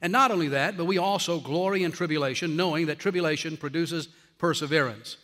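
A man with a high, bright, forceful voice preaches a sermon as pastor, pressing hard on his key phrases and slowing them almost to a crawl. His voice rings out with the long reverb of a large hall, like a church sanctuary.

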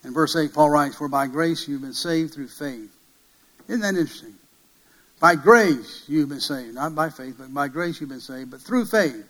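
A man preaching a sermon, emphatic, swinging from loud peaks to hushed passages and asking many rhetorical questions. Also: a little high, moderate pace, low-quality recording.

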